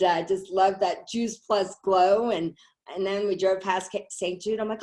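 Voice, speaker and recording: A middle-aged woman telling a personal story on a call, animated, acting out what others said. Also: mid-range voice, fairly quick. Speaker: network marketing speaker.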